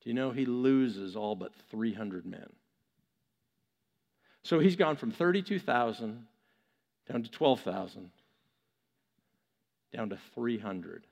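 Storytelling preacher in a big hall. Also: male voice, mid-range voice, takes it slowly, vocal fry, long pauses. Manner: storytelling, animated, chuckling asides. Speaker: pastor. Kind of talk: sermon.

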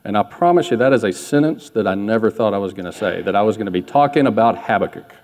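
A pastor preaching a sermon in a candid, self-deprecating, conversational way to a church congregation. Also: male voice, lowish voice, expressive, quick pace, a little mellow, big-room sound.

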